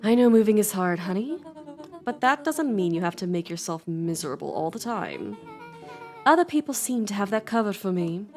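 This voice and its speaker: A woman's voice: medium pitch, very animated, moderate pace, faint music behind, close to an everyday voice. A woman voicing a caring but stern mother in a story game. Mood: motherly. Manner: warm scolding, motherly.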